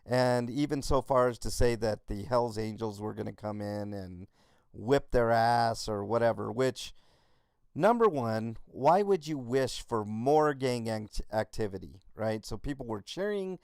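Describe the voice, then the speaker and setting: A man on a podcast tells a long, loose story and swears constantly. His voice is smooth and clear. It sits close and dry on the mic. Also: mid-range voice, measured pace, no room sound. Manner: rambling storyteller, heavy swearing. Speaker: podcast co-host. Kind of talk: casual profane chat.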